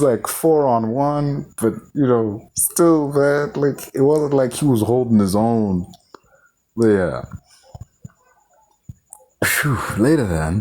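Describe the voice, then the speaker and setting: A man reviewing a film in a casual, profane, sarcastic rant, full of fillers and restarts. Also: fairly low pitch. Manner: animated, frequent fillers and self-interruptions. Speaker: film reviewer, show host.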